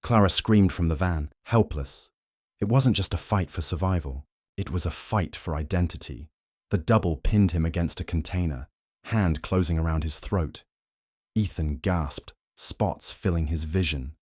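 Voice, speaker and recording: A man giving tense, measured scripted narration of a detective thriller. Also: deep voice, darkish tone, no room sound, studio quality.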